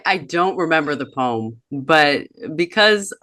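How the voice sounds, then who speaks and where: Bright-voiced woman co-hosting a podcast. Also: low-pitched, animated, normal speed, hardly any pauses, no echo, studio quality. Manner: reflective, reads off old notes, many fillers. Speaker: podcast co-host. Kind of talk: casual chat.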